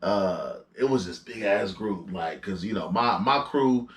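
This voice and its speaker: A young man co-hosting a podcast in casual chat, animated and teasing, cutting in with banter. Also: fairly low pitch, a little slow. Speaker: podcast co-host. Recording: echoey room, a little far from the mic.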